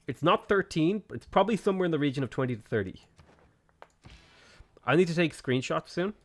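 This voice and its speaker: A man's voice: a little high, animated, a little fast. A man streaming a strategy game, chatting casually and answering viewers' questions. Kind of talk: casual gameplay commentary.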